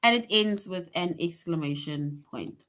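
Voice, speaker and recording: A woman teaching a grade-school grammar lesson online. She explains patiently, keeps checking in with "right?", and slows down to stress example sentences. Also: lowish voice, animated, a bit bright. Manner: explains patiently, tag question "right?" after most points; reads example sentences slowly with emphasis.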